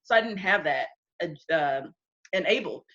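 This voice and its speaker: A woman's voice: lowish voice, lively intonation, unhurried, a bit bright, highs cut off. A woman in her twenties, a guest telling stories in a casual interview chat and acting out what people said. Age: 20s. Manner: chatty storyteller, often acts out quotes.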